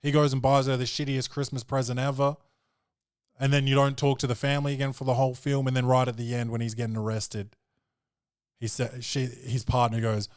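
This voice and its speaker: A male podcast host in casual chat, with a voice pitched in the middle range. He talks in a rambling, profane, animated way. The recording is close and dry, with no room sound. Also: brisk, no room sound.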